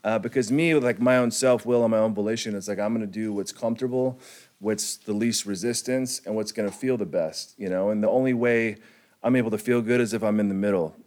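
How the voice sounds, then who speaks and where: A man's voice: on the low side, steady tone, brisk, darkish tone. A young man from California sharing his recovery story with a group, in laid-back slangy talk full of "like" and chuckles. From California, United States. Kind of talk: personal testimony to a group.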